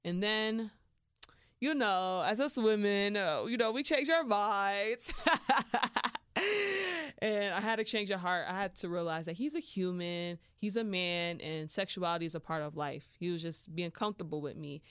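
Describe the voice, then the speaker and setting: A woman hosting a podcast, telling a personal story in a casual, animated way with slangy asides. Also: fairly low pitch, normal speed, clean tone, no room sound, studio quality. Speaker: podcast host.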